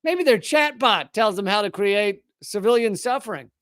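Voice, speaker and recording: High, smooth-voiced sarcastic male commentator. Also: lively intonation, moderate pace, a bit bright, dry recording. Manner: sarcastic and mocking. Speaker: live-stream commentary host. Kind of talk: live-stream political commentary.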